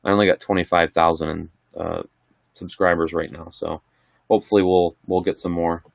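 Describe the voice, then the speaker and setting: A man's voice: low voice, level tone, moderate pace, vocal fry, no room sound, clean studio sound. A middle-aged man casually chatting on a livestream, answering viewer questions in a rambling, laid-back way. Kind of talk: casual live chat.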